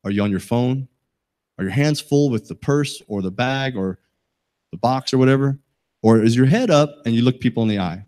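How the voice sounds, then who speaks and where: A man's voice: medium pitch, normal speed, a little mellow. A middle-aged man giving a safety talk to a live audience, folksy and joking, asking the listeners questions. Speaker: safety presenter.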